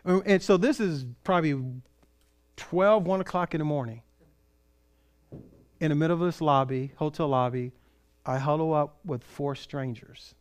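A middle-aged man preaches from California roots, telling a story and acting out the voices of the people in it. His voice sits a little high. He shifts between a lively telling and a quieter, prayerful delivery. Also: moderate pace, pauses often, smooth. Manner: animated storyteller, acts out quoted voices. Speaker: pastor. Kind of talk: sermon storytelling.

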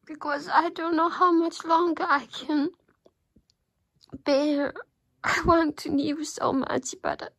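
A woman's voice: high-pitched, steady tone, slow, pauses often, a bit bright, no echo, poor audio. A woman giving an emotional religious testimony and prayer, tearful and pleading, often dropping to a whisper. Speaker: Christian believer giving testimony.

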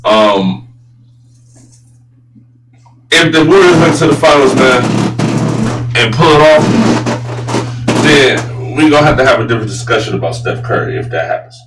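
Brief: male sports-talk host, blunt and cussing, mid pitch, roomy echo, a bit off-mic, faint hum. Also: expressive, normal speed, pauses often, far from the mic. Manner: blunt, profane, gets loud and incredulous. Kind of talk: casual opinionated sports talk.

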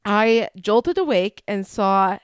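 A woman's voice: mid-range voice, animated, takes it slowly, clean tone, dry recording, studio quality. A woman co-hosting a podcast, telling a spooky story in casual chat over a video call and breaking into laughter. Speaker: podcast co-host.

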